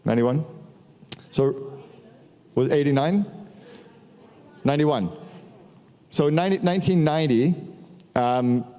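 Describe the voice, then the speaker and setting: A middle-aged man talks to a live audience in a large hall. His voice is mellow and relaxed, and the long reverb of the room trails after each phrase. He speaks casually, swears now and then, and acts out the people in his stories. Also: fairly high pitch, normal speed, pauses often, clean tone. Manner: casual, profane, storytelling with quoted dialogue. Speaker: speaker giving a business talk. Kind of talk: casual conference talk.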